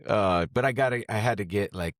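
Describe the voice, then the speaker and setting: A man's voice: on the low side, brisk, no echo. A young man in casual podcast chat, telling family stories with lots of swearing and laughter, often cutting in to correct the other speaker. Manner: swearing, laughing storyteller who interrupts and corrects. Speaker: guest.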